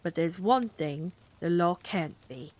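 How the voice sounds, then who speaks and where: A woman's voice: on the low side, expressive, a little slow, a little mellow. A woman reading a story aloud, voicing a stubborn middle-aged policeman who blusters in sarcastic, ungrammatical speech. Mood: stern. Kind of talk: cozy bedtime read-aloud.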